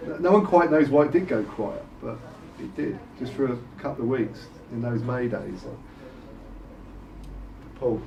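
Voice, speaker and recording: A man answering a question at a history talk, telling an animated, chuckling anecdote. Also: mid-range voice, normal speed, creaky. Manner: animated storyteller, chuckles often. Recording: echoey room, distant mic, faint noise.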